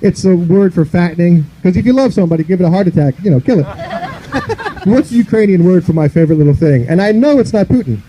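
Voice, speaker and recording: A male stand-up comedian with a high but dark, mellow voice rambles loosely through his set, leaning on "you know" between jokes. He performs outdoors in a park, with faint open-air noise around him. He grew up in the northern United States. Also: expressive, fast talker, muffled recording.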